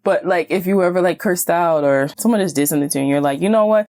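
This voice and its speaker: A woman hosting a self-help podcast in a casual, animated way, often acting out what people say. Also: low voice, fast, no echo. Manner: animated, acts out quoted voices, many "like"s. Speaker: podcast host and certified hypnotist.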